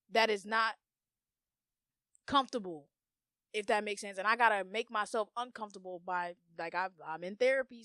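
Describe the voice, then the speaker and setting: Bright-voiced young woman, candid and profane. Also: medium pitch, no room sound, studio quality. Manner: swings between hushed murmurs and loud emphatic bursts; repeats words in rhythmic runs. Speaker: podcast host. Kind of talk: candid solo podcast monologue.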